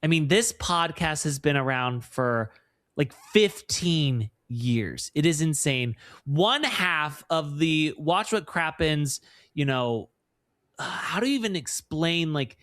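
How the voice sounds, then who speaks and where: A man's voice: a little high, lively intonation, takes it slowly, fairly bright tone, no room sound, studio quality. A man hosting a podcast, talking in a gushing, chatty, casual way. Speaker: podcast host.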